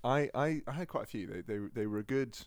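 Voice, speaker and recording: A man co-hosting a casual podcast chat, enthusiastic and quick to laugh. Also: mid-range voice, no echo. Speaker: co-host.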